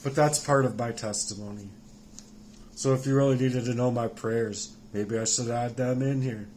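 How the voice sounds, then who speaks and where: A man in his forties delivering an angry personal rant, heavily profane, swinging between shouting and low muttering. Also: fairly even intonation, moderate pace, a little hiss or hum. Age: 40s.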